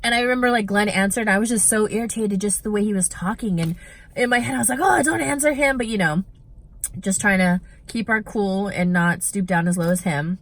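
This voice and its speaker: A woman's voice: medium pitch, a little fast. Chatty woman vlogger telling a story. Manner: animated, chatty, many "like" fillers. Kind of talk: casual storytime chat. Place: shopping mall.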